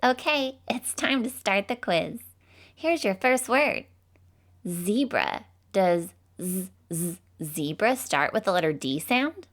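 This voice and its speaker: A woman's voice: on the high side, lively intonation, slow pace, a bit bright, heavily acted. A woman voicing a cheerful cartoon phonics teacher, encouraging children with bubbly, sing-song praise.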